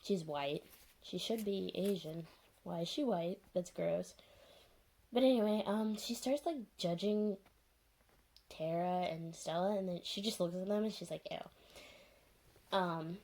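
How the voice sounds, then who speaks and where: A woman's voice: on the low side, measured pace, mellow. A woman casually recapping a TV episode, sarcastic and exasperated, full of "like" and "um". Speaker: TV episode reviewer.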